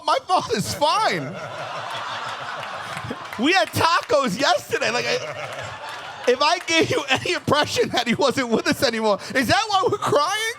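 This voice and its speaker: A man's voice: extremely high pitch, slight background noise. A man in his forties telling funny stories as a guest on a live podcast, joking and mocking himself. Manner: animated, joking, self-mocking. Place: live show on a cruise ship.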